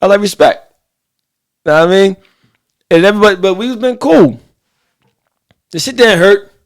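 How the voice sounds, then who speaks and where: A man with a high-pitched voice co-hosts a casual talk show. He tells stories loosely and profanely, with an animated delivery, and keeps tossing questions out to his audience. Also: normal speed. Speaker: podcast co-host.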